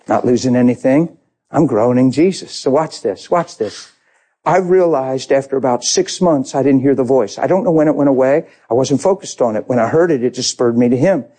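A male preacher delivers a heartfelt sermon in a dark, mellow tone. His voice is husky and a little rough around the edges. He tells his testimony with animated passion. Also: medium pitch, brisk.

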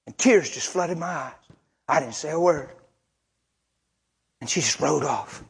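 Husky-voiced folksy male preacher. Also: fairly high pitch, measured pace, pauses often, a bit bright. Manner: folksy, colloquial, emphatic storytelling. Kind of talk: sermon.

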